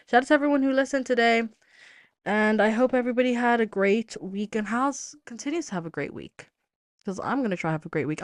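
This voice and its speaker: A young woman hosts a solo commentary podcast in a chatty, exasperated way, speaking straight to her listeners. Her voice sits at a middling pitch and is recorded close and dry, with no room sound. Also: dry recording. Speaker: podcast host.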